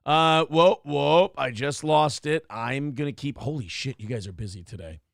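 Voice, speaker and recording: A man's voice: mid-range voice, moderate pace, creaky, no room sound, clean studio sound. A man hosting a morning show, chatting casually in a rambling, self-deprecating way and reading chat comments aloud. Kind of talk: casual live-stream chat.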